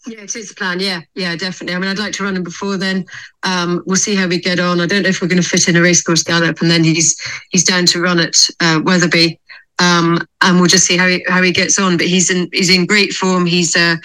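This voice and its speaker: A woman racehorse trainer being interviewed on a podcast, explaining her plans in a thoughtful, measured way. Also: lowish voice, level tone, pushed and bright, low-quality recording.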